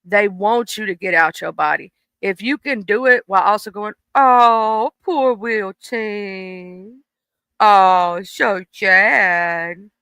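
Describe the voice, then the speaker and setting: A livestream host with a bright, crisp, mid-range voice gives casual commentary from a home room into a desk microphone. He is blunt and preachy and swears freely, and the recording is dry.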